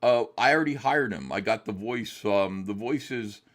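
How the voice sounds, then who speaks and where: A man's voice: fairly low pitch, moderate pace, a bit bright. A man chatting casually as a guest on an interview show, rambling and hesitant with many fillers. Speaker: guest comic artist.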